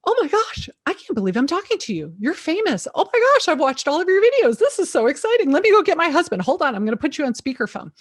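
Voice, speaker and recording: A woman voicing a gushing, starstruck client who squeals with excitement in a much higher voice. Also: fast talker, hardly any pauses, dry recording, studio quality.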